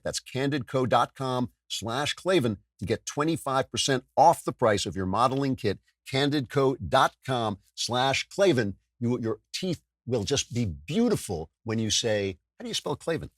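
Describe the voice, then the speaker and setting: A man's voice: dry recording, studio quality. A male podcast host delivering a wry, sardonic opinion monologue. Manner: wry, sardonic, with sudden jumps in pitch. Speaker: political commentary podcast host.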